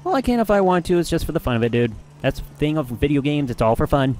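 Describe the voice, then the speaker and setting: A man from Michigan giving excitable, mildly profane commentary while live streaming a video game. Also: fairly high pitch, fast. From Michigan, USA. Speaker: gaming streamer. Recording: game noise underneath. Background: game sounds.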